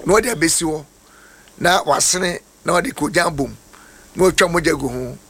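A man preaching on a radio program, explaining slowly and repeating phrases for emphasis. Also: a little high, fairly bright tone, breathy edge. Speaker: pastor teaching on a radio program. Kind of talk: preaching, mixing Twi and English. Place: radio studio.

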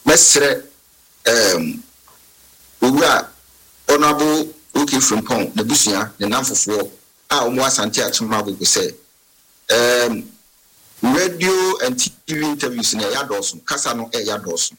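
A man's voice: medium pitch, lively intonation, unhurried, pauses often, bright, forceful tone, husky, poor audio. A man with a Ghanaian accent, a political marketer speaking earnestly on a radio talk panel and switching between English and Twi.

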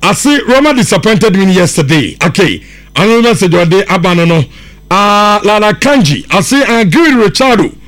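A man's voice: high voice, very animated, fairly quick, a bit bright, no room sound. A man with a Ghanaian accent hosting a sports radio show, reading out listener messages in a casual, chatty way.

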